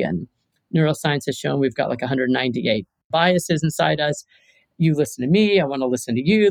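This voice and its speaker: A middle-aged woman, a mediator and author, telling stories in a lively, playful conversation with rhetorical questions. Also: low-pitched, no echo. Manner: animated, playful, emphatic, asks rhetorical questions. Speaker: mediator and author, podcast guest.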